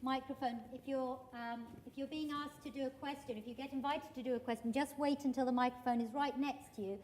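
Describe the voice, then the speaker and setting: A woman hosting a live children's event gives the crowd casual instructions, pausing and restarting a little. Her voice is quite high, with a faint hum of room ambience behind her. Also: fairly even intonation, darkish tone. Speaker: event host.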